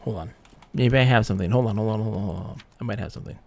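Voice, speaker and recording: Gravelly man muttering through a game. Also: on the low side, rapid-fire, darkish tone. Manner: mutters to himself, reads item text aloud. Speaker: streamer. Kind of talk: live gameplay commentary.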